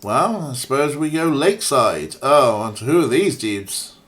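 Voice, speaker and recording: A man's voice: mid-range voice, big pitch swings, a little slow, fairly bright tone. A man casually playing a point-and-click game, reading its text aloud with wry, self-mocking remarks. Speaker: let's play streamer.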